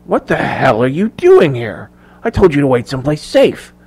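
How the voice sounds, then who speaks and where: A man reading the part of a cold, scheming male executive villain in an audiobook, speaking quietly and with control. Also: mid-range voice, animated, brisk, close to an everyday voice. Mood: cold, hushed.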